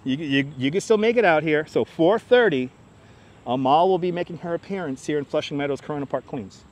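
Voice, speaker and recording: A chatty man hosting a live stream on a handheld phone as he walks through an urban park. His voice is high and lively, bouncing around as he greets viewers and teases them. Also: a little fast. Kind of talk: casual live-stream chat.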